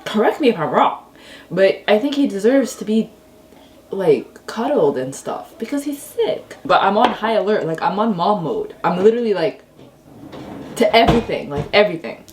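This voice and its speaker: A woman's voice: mid-range voice, sing-song, moderate pace, noisy background. A tired young mother chatting frankly to camera at home in a rambling vlog. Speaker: vlogger, stay-at-home mom. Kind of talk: casual vlog talk to camera.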